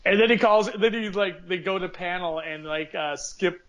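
A man co-hosting a casual chat, eager and quick to laugh, with many fillers. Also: high-pitched, a bit bright. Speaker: podcast co-host.

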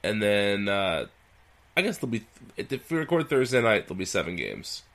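A man hosts a podcast in an easygoing, conversational manner. He tells stories at a relaxed pace and keeps the talk moving. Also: fairly low pitch, moderate pace. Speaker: podcast host. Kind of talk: casual podcast chat.

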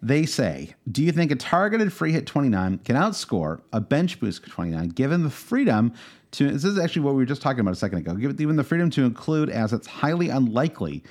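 A man's voice: medium pitch, sing-song, quick pace, darkish tone. A man co-hosting a podcast in casual chat, rambling and hesitant, with many fillers and restarts. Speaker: podcast co-host.

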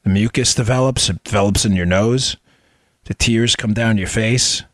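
A man's voice: on the low side, normal speed, fairly bright tone, dry recording. A middle-aged man hosting a political podcast, delivering an impassioned, emphatic commentary monologue full of rhetorical questions, close on the mic. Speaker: podcast host.

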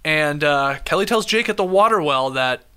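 A man's voice: fairly high pitch, moderate pace, clear, resonant tone. A man co-hosting a podcast, recapping a TV episode in casual chat and laughing often as he retells scenes. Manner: laughs often, animated retelling with quoted voices. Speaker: podcast co-host.

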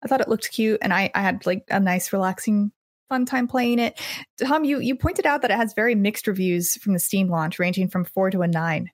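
A woman's voice: medium pitch, a little fast, no room sound, clean studio sound. A woman hosting a game podcast, running through news in an upbeat, casual way. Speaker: podcast host.

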